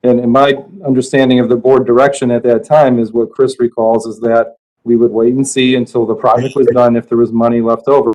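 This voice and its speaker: A man answers questions from the board as superintendent, in a level voice with little pitch movement. He hesitates and restarts as he explains. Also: little pitch movement, a little fast, a little mellow, low-quality recording. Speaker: school superintendent.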